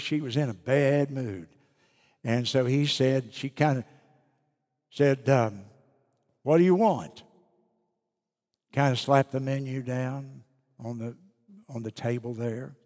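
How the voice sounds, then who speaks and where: Slow-preaching man in a reverberant hall. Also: mid-range voice, fairly even intonation, a little mellow. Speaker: pastor. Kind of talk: sermon.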